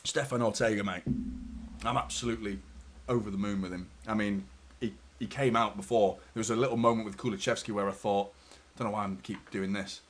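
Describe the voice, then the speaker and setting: A young man hosting a live football watchalong, swearing often and swinging between anxious muttering and shouted celebration. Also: fairly low pitch, steady tone, brisk. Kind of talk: live match reaction commentary.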